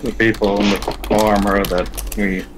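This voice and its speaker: A man playing a tabletop game with friends, thinking aloud slowly as he plans his character's moves. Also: on the low side, little pitch movement, background noise. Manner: slow, thinking aloud while planning moves. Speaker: player. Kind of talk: casual tabletop game chat.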